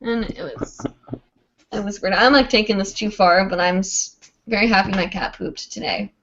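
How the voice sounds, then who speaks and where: A woman talking casually on a livestream, rambling and filling pauses with "like" and "um". Her voice sits at an ordinary middle pitch. The audio is dull and lo-fi. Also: a bit bright, a little hiss or hum. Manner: chatty, rambling, full of "like" and "um". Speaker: host of a live hooping show.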